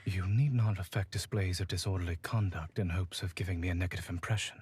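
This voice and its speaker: A cool, reserved young nobleman from a romance game, talking in a measured put-on British accent. His voice sits very low and comes out deeply husky and breathy, every line stiff and proper. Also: steady tone, darkish tone. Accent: British, put on by an American actor. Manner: stiff, formal, measured speech. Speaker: game character.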